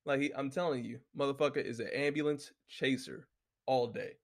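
Speaking a little fast with a steady tone and medium pitch, a man reads his notes aloud in a casual, heated rant and sports talk. He swears throughout and keeps repeating "you know what I'm saying," commenting on his own.

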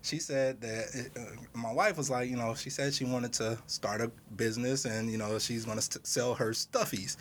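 A man in casual chat, telling a story with lively quoted dialogue and laughter. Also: mid-range voice, moderate pace, few pauses, noisy background.

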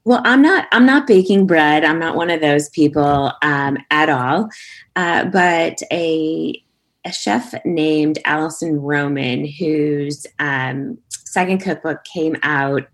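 A woman's voice: deep voice, slow pace. A middle-aged woman, a management consultant, talking casually as a podcast guest and often saying "you know" and "right". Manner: conversational, peppers talk with "you know" and "right". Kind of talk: casual interview chat.

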